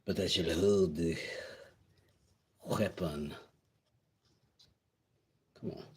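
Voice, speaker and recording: Slow, laid-back man chatting at his workbench. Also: low-pitched, steady tone, darkish tone. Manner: laid-back, joking, reads chat aloud. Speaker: maker streaming a craft project. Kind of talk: casual live-stream chat while working.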